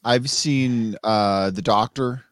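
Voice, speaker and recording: A man's voice: mid-range voice, takes it slowly, no echo. A man co-hosting a podcast, making wry remarks in casual chat. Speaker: podcast co-host.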